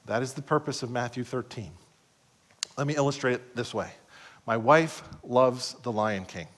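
A middle-aged pastor preaching a sermon, swinging between loud passages and hushed asides and acting out quoted voices. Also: male voice, mid-range voice, normal speed. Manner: acts out quoted voices in short skits.

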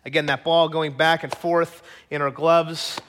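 A man's voice: on the high side, level tone, a little slow, a bit bright, a little hiss or hum. A man preaching a sermon, retelling a story dramatically and asking the listeners rhetorical questions. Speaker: pastor.

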